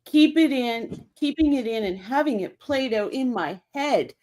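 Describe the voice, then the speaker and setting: A woman's voice: sits high, lively intonation, a little slow, darkish tone. A woman hosting a true crime livestream, reading chat comments aloud and talking back in a blunt, profane, indignant way.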